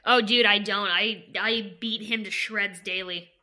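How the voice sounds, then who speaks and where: A woman co-hosting a podcast in casual chat, telling exaggerated jokes in a deadpan way. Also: medium pitch, unhurried. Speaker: podcast co-host.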